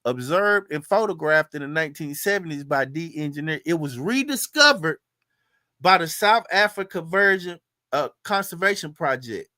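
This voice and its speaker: Easygoing caller: a man with a high, bright, animated voice who keeps things calm. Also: normal speed, no echo. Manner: laid-back, placating, laughs easily. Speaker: guest caller. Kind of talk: casual chat.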